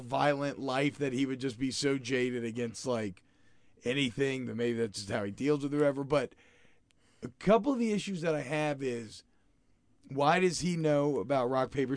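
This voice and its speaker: A man talks through a film with friends in a loose, rambling way, circling back on his own thoughts and throwing questions at the others. His voice sits in an ordinary middle range. The sound is close and dry, with no room echo. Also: mid-range voice. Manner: rambling, self-correcting, questioning. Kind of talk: casual film discussion.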